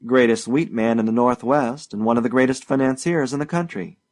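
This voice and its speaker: An eager, boastful young man pushes his words out loudly and emphatically, as a male narrator reads him. He sounds keen to impress in this storybook scene. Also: mid-range voice, a little fast, lightly acted.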